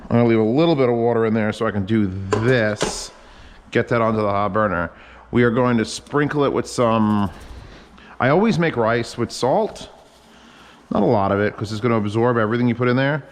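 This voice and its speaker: A man talks through his cooking in a home kitchen, rambling from one aside to the next and swearing casually. His voice sits at a middling pitch. A faint hiss runs under the recording. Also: brisk, big-room sound. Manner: rambling, profane, chatty asides. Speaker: home cook vlogger.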